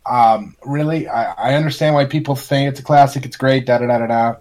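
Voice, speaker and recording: A man hosting a casual podcast chat, blunt and profane, ranting with animated swings in his voice. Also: medium pitch, a little fast. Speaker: podcast host.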